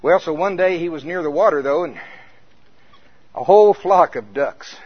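Folksy husky-voiced man preaching. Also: on the high side, moderate pace. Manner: folksy, conversational. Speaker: pastor. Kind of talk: sermon with storytelling. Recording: muffled lo-fi recording.

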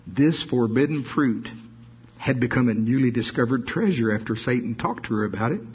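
A man preaching a sermon, reading scripture slowly and adding playful asides. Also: mid-range voice, lively intonation, husky. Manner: reads scripture slowly, adds asides with laughs. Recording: dull lo-fi sermon recording.

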